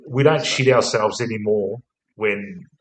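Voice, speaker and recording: A man's voice: fairly low pitch, measured pace, reverberant, rough recording. A young Australian man co-hosting a casual football chat, rambling and swearing constantly in a laid-back way. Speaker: podcast co-host.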